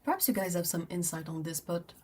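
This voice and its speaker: A woman's voice: fairly low pitch, lively intonation, fast talker, dark tone. A woman hosting a casual livestream, chatting in a rambling way with lots of fillers. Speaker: livestream host.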